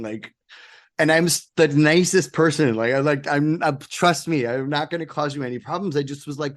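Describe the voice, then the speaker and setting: A man's voice: on the high side, a little fast. A man as an interview guest, telling a long rambling anecdote with lots of fillers and acted-out quotes. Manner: animated, rambling anecdotes with laughs and quoted voices. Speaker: interview guest, game maker. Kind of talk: casual interview storytelling.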